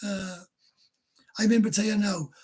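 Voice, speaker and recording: Husky Welsh man chatting on a live stream. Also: a little high, moderate pace, low-quality recording. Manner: blunt, rambling, self-mocking. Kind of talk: casual chat reading out viewer comments.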